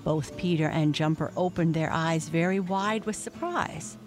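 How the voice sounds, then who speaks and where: A woman reading a bedtime story aloud in a calm, gentle way. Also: deep voice, a little slow. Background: soft music.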